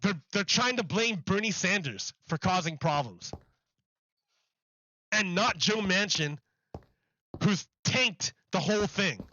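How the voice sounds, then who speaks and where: A man's voice: sits high, expressive, takes it slowly, long pauses, bright, forceful tone, dry recording, lo-fi sound. A man on a live stream ranting about politics, emphatic and mocking, repeating himself for effect.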